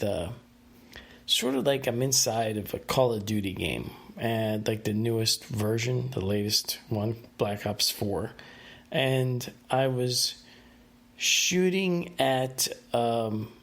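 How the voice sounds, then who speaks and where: Man, solo podcast host, mid-pitched, casual and rambling, lots of ums and restarts. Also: vocal fry. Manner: rambling, hesitant, many fillers and restarts.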